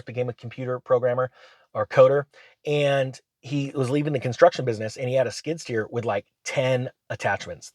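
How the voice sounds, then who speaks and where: A man, hosting his channel and telling rambling, animated business stories in casual chat. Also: mid-range voice, no echo. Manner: rambling, animated anecdotes with acted quotes. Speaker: channel host. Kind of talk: casual storytelling monologue.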